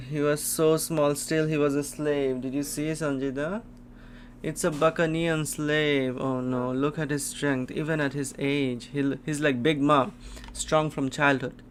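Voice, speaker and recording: A man reacting live to a comic chapter, reading it aloud with gasps and sudden exclamations as he thinks out loud. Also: mid-range voice, little pitch movement, moderate pace, a little hiss or hum. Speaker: manga reaction host.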